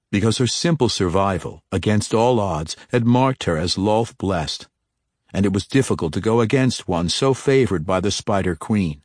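A man narrating a dark fantasy novel in a steady, measured storytelling manner. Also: deep voice, no echo, studio quality. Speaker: audiobook narrator.

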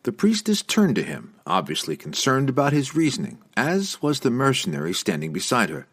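A man narrating a fantasy audiobook in an expressive, dramatic way. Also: medium pitch, a little fast, slightly rough.

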